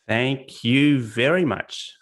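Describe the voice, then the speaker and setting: A man's voice: medium pitch, slow pace, a bit bright. A man with an Australian accent giving a live webinar talk as a guest speaker, chatty and self-deprecating, telling stories over a video call.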